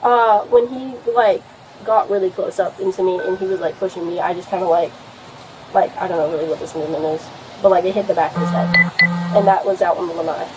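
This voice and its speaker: A woman's voice: lowish voice, steady tone, a little fast, over music, rough recording. A young woman giving a statement to police about an argument, rambling and swearing with many fillers, recorded on a body camera at a home. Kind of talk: recounting an argument to an officer.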